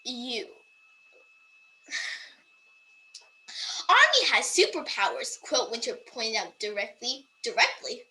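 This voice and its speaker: Woman, high bright voice, very animated, carefully dictating a book, amused asides. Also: rough recording. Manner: slow, deliberate dictation broken by amused asides. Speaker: vlogger. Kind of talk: dictating a book excerpt to voice typing.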